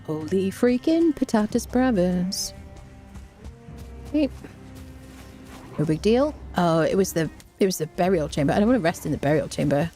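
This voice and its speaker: A woman's voice: lowish voice, animated, moderate pace, long pauses, dark tone, faint music behind. A woman streaming a survival game, chatting in a jokey, jittery way and often yelping in fright. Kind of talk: live gameplay commentary.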